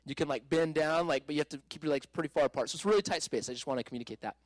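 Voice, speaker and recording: Man, higher voice, dry close sound, animated casual testimony with laughs and restarts. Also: racing, no echo, low-quality recording. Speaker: speaker telling a personal testimony.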